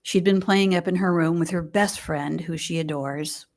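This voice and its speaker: Older woman, lay speaker giving a sermon; gentle, reflective, unhurried phrasing with pauses. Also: lowish voice, steady tone. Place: fellowship hall, indoors.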